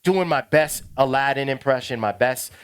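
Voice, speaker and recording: A middle-aged man, a DJ casually telling a slangy story to a workshop class, turning loud and excited. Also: medium pitch, moderate pace, smooth. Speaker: DJ teaching a workshop.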